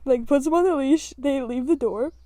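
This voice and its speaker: A woman co-hosting a podcast in casual chat, telling animated stories and laughing a lot. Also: sits high, moderate pace, no room sound. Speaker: podcast co-host. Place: cabin.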